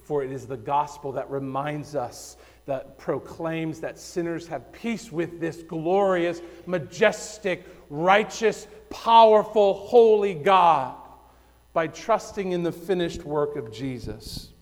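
A male pastor preaching a sermon, swinging between loud emphasis and hushed, low phrases. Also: unhurried, hardly any pauses, long reverb tail.

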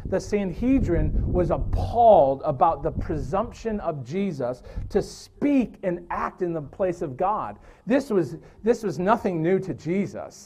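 A man's voice: on the high side, warm tone. A man preaching a sermon, earnest and explanatory, now and then correcting himself mid-sentence.

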